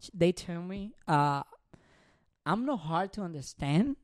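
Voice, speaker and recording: Woman, Spanish accent, casual co-host, lively, wide-ranging pitch, plain-spoken. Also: a little slow, dry recording, clean studio sound. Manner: blunt, swears, uneven English. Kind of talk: casual chat.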